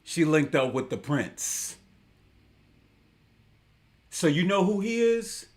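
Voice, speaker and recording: A man's voice: on the high side, big pitch swings, slow pace. A man hosting a live online talk show, giving casual commentary in an emphatic, slangy way and repeating his points for effect.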